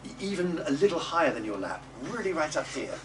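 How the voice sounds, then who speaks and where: A male music teacher with a fairly high, very lively voice, coaching a class. He sounds off the microphone, and a clear hum of room ambience runs under his speech. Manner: coaching, models words slowly and loudly for the group to repeat. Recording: distant mic with noisy room ambience.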